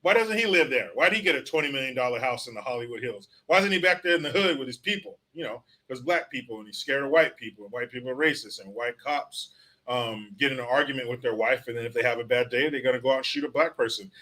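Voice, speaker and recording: A man's voice: mid-range voice, lively intonation, quick pace, bright, forceful tone. A man hosting a political livestream, ranting bluntly and sarcastically with lots of profanity while reading out chat comments. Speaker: political commentary show host.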